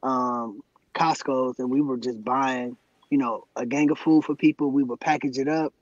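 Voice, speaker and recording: A man's voice: mid-range voice, steady tone, normal speed, dry recording, highs cut off. A man being interviewed about his activism, speaking earnestly and gratefully in casual podcast talk, from Cleveland. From Cleveland, USA. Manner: earnest, grateful, frequent affirmations. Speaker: guest activist.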